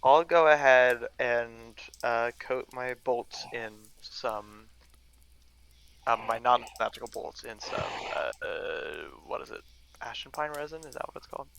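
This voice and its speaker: A male player in a tabletop game who hesitates and gropes for words. His voice has a gravelly edge and a bright tone. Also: mid-range voice, expressive, measured pace, slight background noise, low-quality recording. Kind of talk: casual tabletop play.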